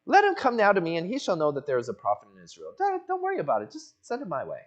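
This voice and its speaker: A man's voice: high voice, huge pitch swings, racing. A male pastor preaching an expository sermon, who acts out the voices of the people in the story. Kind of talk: expository sermon with acted-out dialogue. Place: church sanctuary.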